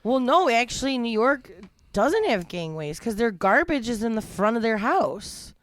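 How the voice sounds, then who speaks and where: Chicago co-host, thirties, animated giggly chatter, dry close sound. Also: mid-range voice, normal speed, no echo. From Chicago, Illinois. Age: 30s. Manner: laughing, profane, quotes people in put-on voices. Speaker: podcast co-host. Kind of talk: casual chat.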